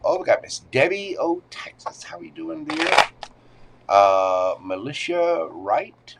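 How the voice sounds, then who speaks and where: A man's voice: slow, creaky, heavy background noise. A man reading tarot cards on a livestream in a chatty way. He greets viewers with pet names, and his voice swings up and down as he talks. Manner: animated, swings up and down in pitch and loudness. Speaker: tarot reader hosting a livestream.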